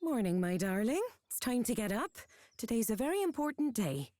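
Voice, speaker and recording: A fussing, affectionate mother from a fantasy video game, her sing-song voice soft and mellow, rising and falling in lively swoops. The voice sits a little high and is recorded dry and close. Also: brisk, dry recording. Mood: fond. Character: cheerful doting mother waking her teenage son. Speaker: game character voice.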